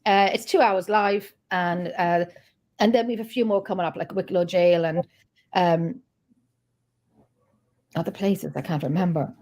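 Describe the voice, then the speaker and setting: A woman's voice: lowish voice, steady tone, measured pace, pauses often, darkish tone. A woman who founded a paranormal investigation group, chatting as a guest and rambling with frequent ums and restarts. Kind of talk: casual chat.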